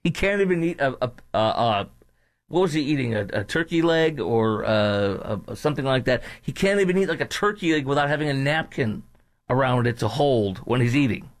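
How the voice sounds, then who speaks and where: A man's voice: mid-range voice, lively intonation, moderate pace, dry recording. A man hosting a talk radio show, delivering a combative, emphatic political monologue. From North Texas.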